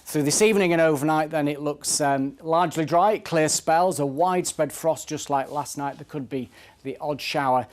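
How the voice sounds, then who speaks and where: Upbeat male TV weather presenter. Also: on the high side. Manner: brisk, upbeat, conversational. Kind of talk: TV weather forecast. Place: TV studio.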